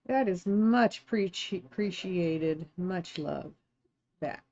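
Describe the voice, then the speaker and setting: Slow-talking streamer woman. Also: on the low side, dull audio. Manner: chatty, thanks viewers warmly, gets emotional and teary. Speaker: live streamer. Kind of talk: casual live-stream chat while crafting. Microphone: streaming setup, not phone.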